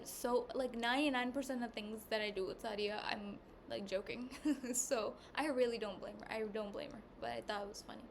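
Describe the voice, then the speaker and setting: A woman podcast host telling a personal story in a candid, rambling way, with lots of "like", at times hushed and at times loud. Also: fairly high pitch, normal speed. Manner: rambling and candid, heavy use of "like", swings between hushed and loud. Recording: noisy background hiss.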